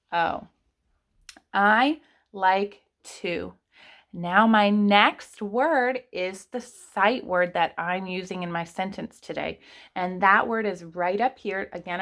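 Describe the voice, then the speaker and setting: Slow, patient kindergarten teacher woman. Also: mid-range voice, vocal fry, fairly bright tone. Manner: stretches words out sound by sound; patient, speaks slowly to children. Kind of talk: online lesson for young children.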